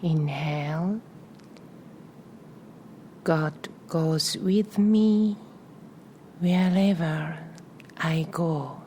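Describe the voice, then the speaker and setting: A woman leading a guided meditation in a soft voice that often drops to a breathy whisper, repeating short phrases and calm cues with long pauses in between. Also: low voice, slight background noise. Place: live session in front of a small audience.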